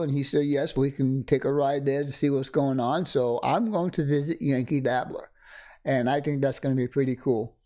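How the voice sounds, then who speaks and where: This livestream host, a middle-aged man, chats casually from home into a desk condenser microphone held close, greeting viewers by name and chuckling a lot. His voice is mid-range with a darkish tone.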